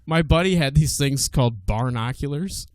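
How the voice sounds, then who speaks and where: A man's voice: mid-range voice, moderate pace, no room sound. A man co-hosting a radio talk show in casual chat, joking and laughing often, recorded on a studio mic. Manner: jokey, laughs often, bursts into loud impressions.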